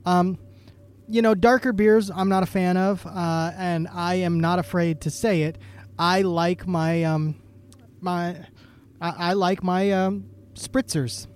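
A man's voice: high-pitched, little pitch movement, slow pace, clean tone. A man from Idaho co-hosting a podcast, chatting casually and joking, with many ums and restarts. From Idaho, USA. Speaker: podcast co-host. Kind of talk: casual chat.

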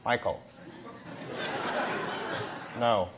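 An actor playing a polite, nervous job applicant in a comedy sketch, hesitant and stammering. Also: male voice, drawn-out words, a crowd in the background, noisy background. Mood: awkward.

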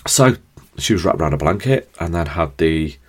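A man hosting his own podcast, telling rambling, self-deprecating stories in a chatty, animated way. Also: a bass voice, normal speed. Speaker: podcast host. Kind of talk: casual storytelling monologue.

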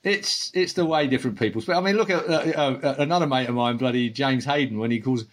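A man's voice: mid-range voice, fast talker. A man with an Essex accent, a motorcycle racing commentator chatting on a podcast in a blunt, jokey way. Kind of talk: casual podcast chat.

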